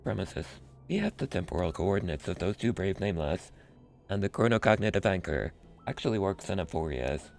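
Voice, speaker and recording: Deep and gravelly, this is a man doing a calm, formal robot scholar from a sci-fi game. He speaks in a measured, mechanical monotone with faint music underneath. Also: full character voice.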